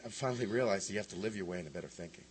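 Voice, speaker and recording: A man giving an animated, emphatic personal talk at a recovery meeting. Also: low-pitched, racing, husky, poor audio. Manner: animated, emphatic storytelling with big swings.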